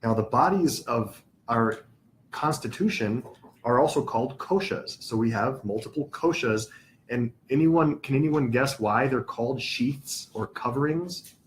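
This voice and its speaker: A man lecturing a small class on spiritual teachings, with a middle-pitched voice. He explains each term patiently, spells words out and stops to put questions to his students. There is a faint hiss underneath. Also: animated, measured pace.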